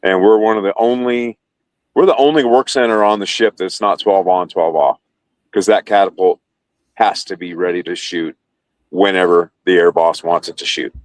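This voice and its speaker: Low-voiced man telling a story, dry sound. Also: steady tone, moderate pace, dry recording. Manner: rambling, self-correcting, laughs while telling. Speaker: podcast guest, former carrier sailor. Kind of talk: casual storytelling interview.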